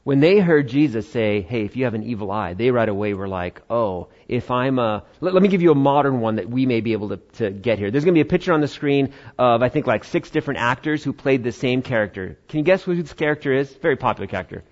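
An American man preaching a sermon in a conversational style, with quick quoted asides. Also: medium pitch, expressive, darkish tone, muffled recording. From United States. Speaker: pastor.

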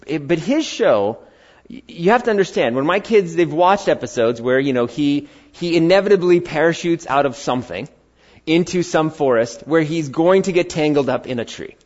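A middle-aged man preaching a sermon to a congregation, chatty and animated, telling stories and acting out quotes in changing voices. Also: on the high side. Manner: animated, conversational, acts out quotes in varied voices. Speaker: pastor. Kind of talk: sermon with storytelling. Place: church hall before a congregation. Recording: slightly dull lo-fi sound.

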